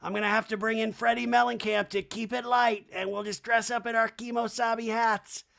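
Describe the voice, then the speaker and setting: A man's voice: very high-pitched, level tone, fairly quick, creaky, fairly bright tone, pitched above the performer's own voice, full character voice. A man voicing a sentimental mother who gushes about her youngest growing up. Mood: wistful. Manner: wistful, gushing. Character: sentimental mother of teenage daughters.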